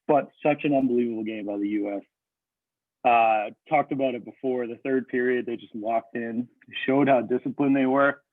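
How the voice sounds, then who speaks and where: A man's voice: mid-range voice, no room sound. A young man co-hosting a sports podcast, talking casually but methodically as he walks through his reasoning. His voice comes through a narrow, phone-like line with a dry, close sound. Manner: analytical, breaks down points in order. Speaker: podcast co-host.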